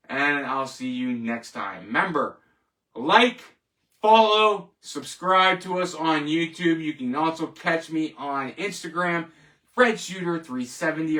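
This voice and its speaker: A male host delivering a defiant, boastful sign-off, repeating his slogans over and over. His voice is high-pitched for a man and sharp-edged. He sounds a little away from the microphone. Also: recorded from a distance. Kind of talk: hyped show sign-off monologue.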